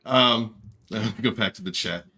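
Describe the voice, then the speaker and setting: Bright-voiced, effusive male livestream host. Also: lowish voice, normal speed. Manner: effusive, affectionate shout-outs to chat viewers; playful flirting and joking. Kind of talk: casual livestream chat.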